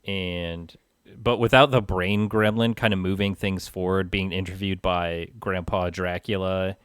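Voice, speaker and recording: A man co-hosting a podcast, talking casually about a movie with wry, deadpan asides. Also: deep voice, a little slow, clear, resonant tone, no room sound. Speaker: podcast co-host.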